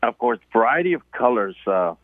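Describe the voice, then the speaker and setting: A man's voice: medium pitch, very animated, fairly quick, dry recording. Male fishing guide phoning in, hesitant delivery, tinny phone line. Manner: hesitant, many filler sounds. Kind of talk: phone interview. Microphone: telephone.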